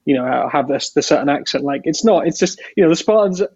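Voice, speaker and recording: Animated podcast guest, lively pitch, dull lo-fi audio. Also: fast, breathy edge. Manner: animated, laughing. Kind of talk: casual film discussion. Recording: dull lo-fi sound.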